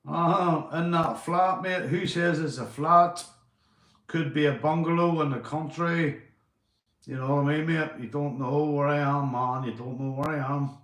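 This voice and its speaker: A Northern Irish man live-streaming from home, chatting casually, swearing and giving shout-outs to his viewers. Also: fairly high pitch, fairly even intonation, measured pace, echoey room. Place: indoors at home.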